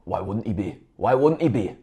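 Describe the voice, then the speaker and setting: A man doing a gruff Scottish football manager. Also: lowish voice, lively intonation, moderate pace, mellow, natural voice. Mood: dismissive. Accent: put-on Scottish. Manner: curt, repeating himself.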